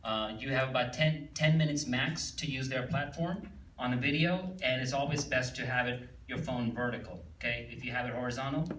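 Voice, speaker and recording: A man's voice: mid-range voice, a little fast, a bit bright. A man speaking as a guest at a live seminar, plain and casual with many fillers, often checking in with the audience. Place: event hall with audience. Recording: echoey hall, distant mic, faint room noise.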